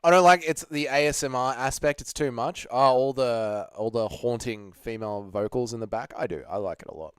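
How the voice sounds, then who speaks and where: An Australian man hosting a livestream, hungover and low on energy, chatting casually, swearing, and reading viewer messages. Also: fairly quick, hardly any pauses, clear, resonant tone, no echo, clean studio sound. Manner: laid-back, sweary, laughs easily. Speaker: livestream host.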